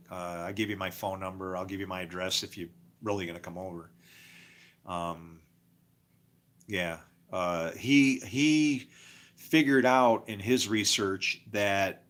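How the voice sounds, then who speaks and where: A man's voice: on the low side, fairly bright tone. A man talking casually on a live stream, rambling from story to story and chuckling often, with preachy asides. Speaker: livestreamer.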